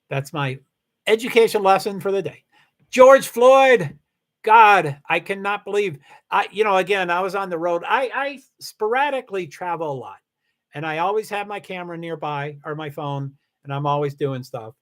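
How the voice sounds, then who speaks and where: A middle-aged man hosting a casual livestream, talking in a rambling, halting way with many restarts and fillers, candid and confessional about his life. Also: high voice, lively intonation, fairly bright tone. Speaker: livestream host. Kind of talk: casual personal livestream talk.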